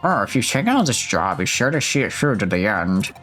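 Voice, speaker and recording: A streamer putting on a lower, dry, measured voice for a cool female detective agency boss while reading game dialogue. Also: big pitch swings, a bit bright, faint music behind. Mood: businesslike.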